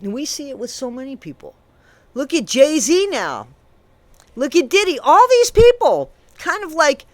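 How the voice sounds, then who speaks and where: A fairly high-pitched man delivers an indignant true crime rant straight to his audience. He swings from loud, emphatic bursts to low muttering. The sound is dry and close, with no room echo. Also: huge pitch swings, a little slow. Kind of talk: ranting commentary to camera.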